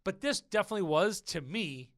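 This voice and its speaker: A man's voice: sits high, lively intonation, brisk, dry recording, studio quality. Chatty man hosting a business podcast. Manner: chatty, storytelling, addresses listeners as folks. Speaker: podcast host. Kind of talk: casual business podcast chat.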